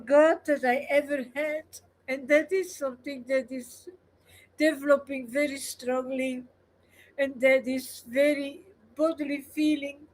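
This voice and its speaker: A woman speaking earnestly and slowly about her inner spiritual feelings in a played clip. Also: high-pitched, fairly even intonation, darkish tone. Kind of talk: spiritual testimony.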